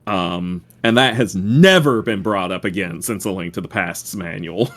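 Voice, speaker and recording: A man's voice: low-pitched, normal speed, fairly bright tone. A man hosting a live game stream, chatting casually, laughing often and sharing franchise trivia. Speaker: streamer host.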